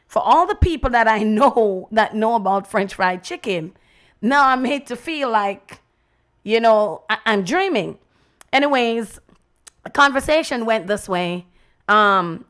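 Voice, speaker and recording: A woman's voice: medium pitch, measured pace. Chatty Jamaican woman radio host. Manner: chatty, animated, acts out quoted voices. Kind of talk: casual storytelling monologue.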